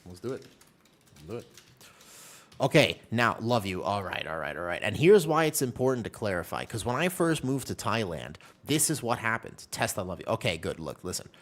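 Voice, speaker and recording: A man chatting casually with his viewers while streaming a game, telling stories in an animated way. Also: on the low side, normal speed.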